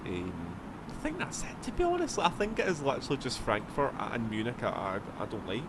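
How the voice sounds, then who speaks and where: A man's voice: medium pitch, huge pitch swings, quick pace, noisy background. A man with a Scottish accent, rambling casually as he streams a flight sim, swearing now and then. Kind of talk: casual gameplay commentary.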